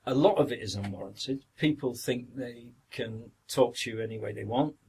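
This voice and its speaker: A man's voice: mid-range voice, moderate pace, darkish tone, husky. A middle-aged man with a Yorkshire accent, a guest actor reminiscing through long anecdotes in a casual podcast interview.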